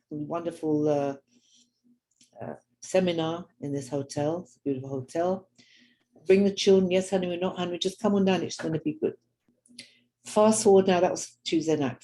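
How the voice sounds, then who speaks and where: A woman's voice: on the low side, dark tone. A woman speaker telling a story to an audience, acting out the voices of the people in it. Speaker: speaker on marriage. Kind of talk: storytelling talk. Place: lecture hall.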